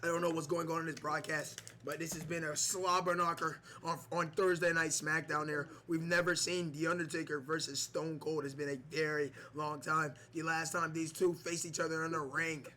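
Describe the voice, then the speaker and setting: A man calls a wrestling video game match in excitable play-by-play. His voice sits high and bright, and it jumps up into yells whenever a big move lands. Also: moderate pace, hardly any pauses, slight background noise.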